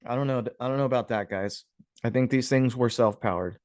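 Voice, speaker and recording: A man's voice: mid-range voice, fairly quick, no echo, clean studio sound. A man casually commenting on old images and clippings, musing aloud, with sarcastic asides and frequent chuckles. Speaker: history video host.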